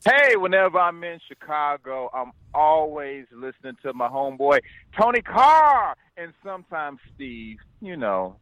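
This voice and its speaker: A man giving a laid-back, conversational shout-out. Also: a little high, very animated, measured pace, no room sound.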